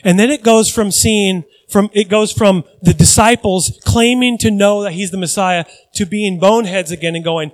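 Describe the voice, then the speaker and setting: A high-pitched man preaches a sermon with lively energy. He acts out the voices of Bible characters and drops in self-deprecating asides, often restarting mid-sentence. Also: moderate pace, hardly any pauses, no echo, poor audio. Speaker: pastor.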